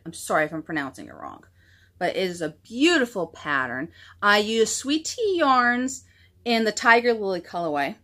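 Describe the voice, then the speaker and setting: A woman's voice: medium pitch, bright, forceful tone. A woman hosting a knitting podcast, chatting casually and gushing over her projects with self-deprecating humor. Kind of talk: casual show-and-tell chat.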